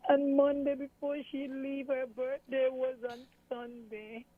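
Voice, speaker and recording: A woman's voice: high voice, flat delivery, a little slow, no room sound. A middle-aged Jamaican woman in an interview, recalling events with her daughter and quoting what others said, tearful at times. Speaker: interviewee, mother of a missing woman. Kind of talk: emotional interview recollection. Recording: tinny phone-like dry sound.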